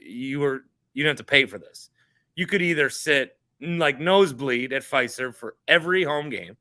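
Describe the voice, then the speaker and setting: Host dude w a sharp bright voice, joking around w his guest about basketball. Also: medium pitch, smooth. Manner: joking, quick banter. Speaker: podcast host. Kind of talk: casual sports chat.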